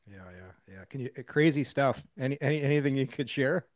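A man's voice: medium pitch, expressive, brisk, dry recording, studio quality. A man co-hosting a casual podcast who eagerly prods his guest for stories. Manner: eager, prodding questions. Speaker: co-host.

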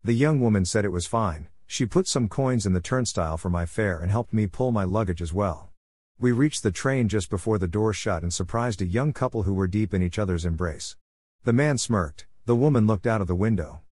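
A man from the Philippines, reading his own reflective essay in a measured scripted narration. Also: on the low side, a little mellow, no room sound, studio quality.

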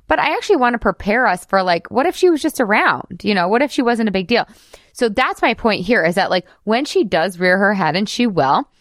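A woman's voice: on the low side, dry recording, clean studio sound. Chatty, giggly woman podcast host. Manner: chatty, giggly, swears casually, says "like" often. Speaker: host, weight loss coach. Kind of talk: casual podcast monologue.

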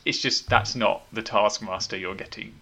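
Bright, low-voiced man hosting a film chat. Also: normal speed. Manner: wry, opinionated, leads the talk. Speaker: podcast host. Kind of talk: casual movie review chat.

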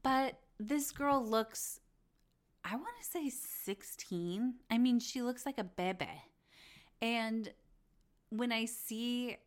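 Speaking slowly in a slightly high voice, this young podcast host chats about reality TV in a casual, effusive way, like she's with a friend. She gushes freely and performs quoted voices.

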